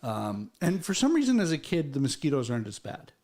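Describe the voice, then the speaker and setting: A man's voice: mid-range voice, huge pitch swings, a little fast, a little mellow. A man hosting a casual conversation, talking in a friendly, meandering way. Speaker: host.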